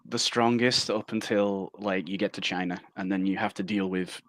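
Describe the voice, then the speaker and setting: A British man, currently ill, chatting casually about games in a halting way that repeats words as he starts. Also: low voice, steady tone, no room sound. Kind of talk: casual gaming chat.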